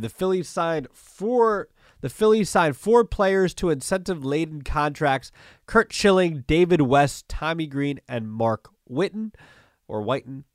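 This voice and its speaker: A man's voice: fairly high pitch, lively intonation, unhurried, no echo, studio quality. Chatty male sports podcast host. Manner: loose and conversational, with many fillers and restarts. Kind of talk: casual solo sports talk.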